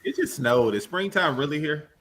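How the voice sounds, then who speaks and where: A man's voice: fairly high pitch, expressive, moderate pace, a crowd in the background. A man co-hosting a casual chat, who laughs a lot and ribs his friends. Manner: laughs often, playful ribbing. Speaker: co-host. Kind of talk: casual banter.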